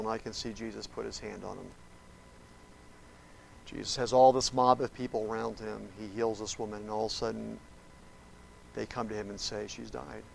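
A male preacher giving a sermon. He tells the story dramatically, speaks directly to his listeners, and swings from hushed to loud. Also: medium pitch, gravelly, a little hiss or hum, poor audio.

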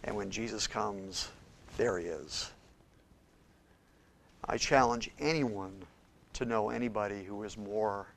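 A gravelly pastor preaching with swings. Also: male voice, fairly low pitch, slow pace, pauses often, a little hiss or hum. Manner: preaches with big swings from shouting to hushed tones. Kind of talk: sermon.

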